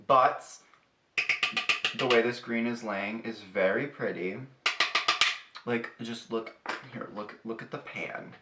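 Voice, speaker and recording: A man's voice: mid-range voice, slow, pauses often, loud music behind the voice. A young man chatting casually through a makeup tutorial in a sassy, profane, chatty way. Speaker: beauty vlogger. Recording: echoey room.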